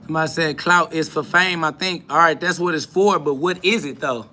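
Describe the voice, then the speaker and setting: A man's voice: a little high, a little fast, sharp tone, slight background noise. A man hosting a live stream, boasting and trash-talking in a preachy, repetitive way, answering viewers' comments.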